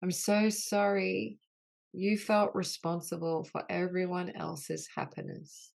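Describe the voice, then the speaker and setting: A woman leading a guided healing session on an online group call, speaking in slow, soothing, repeated phrases. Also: fairly low pitch, little pitch movement, vocal fry, darkish tone.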